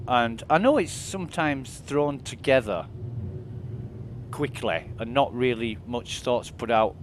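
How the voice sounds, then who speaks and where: A man's voice: medium pitch, a little hiss or hum. A man streaming a game, venting in a casual, exasperated way and swearing as he retells an argument. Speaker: livestreamer. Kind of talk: casual gaming livestream rant.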